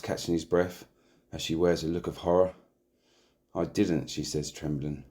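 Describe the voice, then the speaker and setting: Man, narrator, comic story, deadpan, stumbles, very low voice. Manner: deadpan reading with stumbles and laughs. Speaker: narrator and host. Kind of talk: comic erotic story reading.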